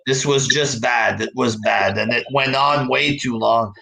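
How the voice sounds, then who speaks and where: A man's voice: mid-range voice, steady tone, a little slow, creaky, pushed and bright, low-quality recording. A man hosting a casual wrestling review podcast, talking bluntly with swearing. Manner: blunt, profane, drawling. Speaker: podcast host.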